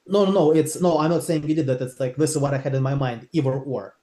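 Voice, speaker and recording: A man's voice: a little high, fast, warm tone, reverberant. A man in sales training, speaking hesitantly and thinking aloud as he works through his questions.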